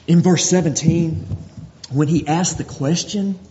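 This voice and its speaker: Man preaching a sermon, rhetorical questions, mellow voice, muffled lo-fi sound. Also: on the high side, a little slow, slight background noise. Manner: rhetorical questions, emphatic repetition. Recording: dull lo-fi audio with long reverb.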